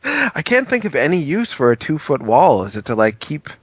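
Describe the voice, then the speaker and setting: A man's voice: on the high side, wildly swooping pitch, moderate pace, husky, no room sound. A man guesting on a podcast, chatting in a playful, self-mocking way. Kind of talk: casual podcast banter.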